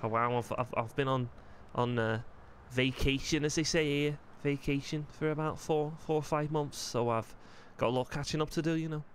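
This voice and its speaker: A man's voice: fairly high pitch, steady tone, normal speed, few pauses, a little hiss or hum, close to an everyday voice. A man voicing a friendly, rambling spirit medium from Liverpool with a Scouse accent, in game role-play dialogue. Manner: friendly, rambling, mate-and-lad slang.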